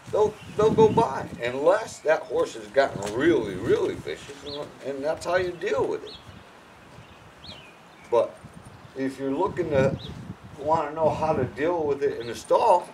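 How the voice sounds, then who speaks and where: A man's voice: unhurried, background noise. A man giving casual horse-training advice in a blunt, emphatic way, often restarting his sentences. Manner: lively, swinging from low mutters to loud bursts. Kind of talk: casual instructional talk.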